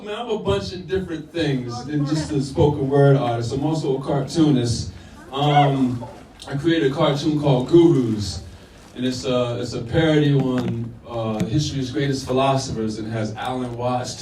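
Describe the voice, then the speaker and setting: A man's voice: mid-range voice, background noise. A man performing spoken word poetry live, with punchy declamatory delivery and casual asides to the crowd. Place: live venue with audience. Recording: echoey room, voice from far off.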